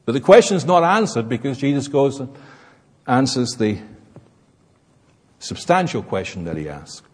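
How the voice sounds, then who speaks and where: A man's voice: medium pitch, sing-song, moderate pace, breathy edge. A man preaching a sermon in an emphatic, explanatory manner, recorded in an echoey hall. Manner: emphatic, expository.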